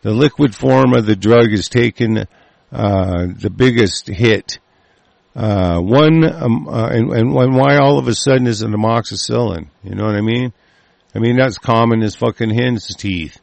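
A man's voice: medium pitch, measured pace, gravelly, darkish tone, dry recording. A man in an angry, profane rant as he reads out a news article and breaks off with stammering restarts. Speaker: political ranter reading a news article.

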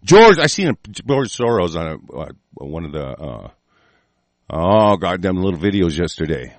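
An American man hosting an online show, delivering a profane, angry political rant that swings from muttering to shouting while sick. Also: sits low, big pitch swings, normal speed, no echo. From United States.

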